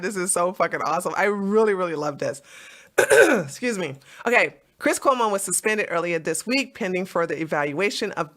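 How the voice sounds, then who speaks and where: A woman hosting an online commentary show, talking in a profane, laughing, animated way. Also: medium pitch. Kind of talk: casual mocking commentary.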